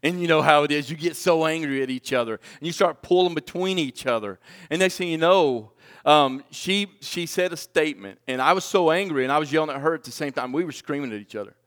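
A man in his forties preaching a personal testimony, swinging from loud pleading to hushed, low confession. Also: animated, a little fast. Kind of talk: sermon testimony.

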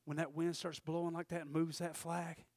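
A man preaching a sermon as pastor, swinging from quiet storytelling to fervent shouting. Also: on the high side, level tone, normal speed, no echo.

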